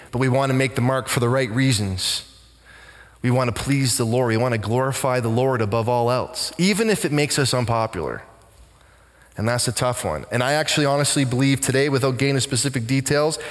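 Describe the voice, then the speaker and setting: A man's voice: medium pitch, fairly bright tone, long reverb tail. A man preaching a sermon as pastor of a church, earnest and heartfelt, often repeating words as he goes.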